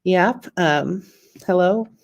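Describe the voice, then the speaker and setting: A woman's voice: fairly low pitch, drawn-out words. Chatty woman doing self-deprecating stand-up. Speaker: stand-up comedian. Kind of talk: stand-up comedy set on a video call.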